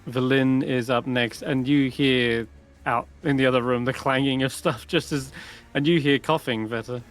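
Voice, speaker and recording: A man acting as game master, narrating a live tabletop game and thinking aloud with pauses as he runs the combat. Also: mid-range voice, steady tone, faint music behind.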